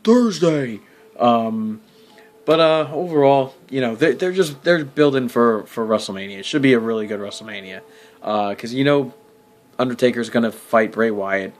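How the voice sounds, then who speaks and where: A wrestling vlogger with a medium-pitched voice talks at normal speed through a loose, rambling recap. He curses, uses many fillers, restarts his thoughts, and suddenly erupts into loud exasperation.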